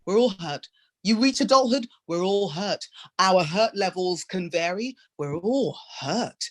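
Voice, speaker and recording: A woman's voice: mid-range voice, animated, unhurried. A woman hosting a podcast, answering her guest with frank, laughing pushback in casual chat. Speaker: podcast host.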